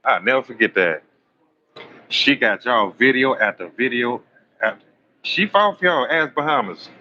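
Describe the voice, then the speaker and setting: A man's voice: medium pitch, lively intonation, normal speed, pushed and bright. Teasing, rambling man on a live stream. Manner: joking, teasing, rambling storyteller. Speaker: live-stream astrology host. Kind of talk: casual live-stream chat with viewers. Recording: slightly dull lo-fi stream audio with faint room noise.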